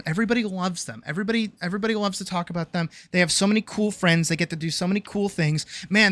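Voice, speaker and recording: Chatting casually with viewers from a home streaming setup, a streamer rambles and swears, breaking off mid-sentence and laughing often. The voice is mid-range and a bit bright, with no room sound.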